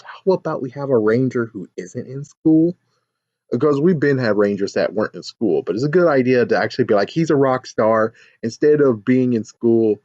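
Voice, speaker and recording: A man giving a casual, animated review of a TV episode, jumping into squealing fan voices now and then. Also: medium pitch, no room sound, dull audio. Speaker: YouTube show reviewer.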